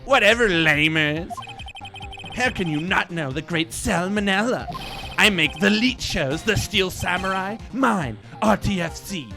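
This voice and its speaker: Game role: a man putting on a smug, loud director, nasal cartoon drawl, swoopy. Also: high voice, lively intonation, unhurried, creaky, over music, voice pushed up, exaggerated voice. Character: smug slangy male film director, lazy and loud.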